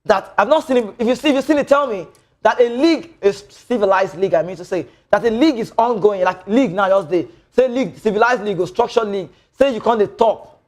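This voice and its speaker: Man, Nigerian accent, high-pitched, football news commentary, Pidgin mixed into English. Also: fast talker. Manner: mixes Nigerian Pidgin into English, animated and rambling. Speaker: sports news presenter.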